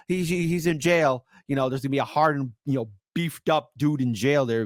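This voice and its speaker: A man hosting opinion commentary, animated and indignant, rambling with restarts. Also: fairly high pitch, moderate pace, no echo. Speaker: commentary host.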